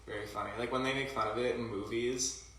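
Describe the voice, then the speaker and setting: A man's voice: medium pitch, fairly even intonation, fast, distant mic. A man with a rural Canadian accent, hosting a casual livestream chat, talking loosely with lots of fillers and laughs. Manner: chatty, filler-heavy, laughs often. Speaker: livestream host. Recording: roomy echo from off-mic, faint ambient noise.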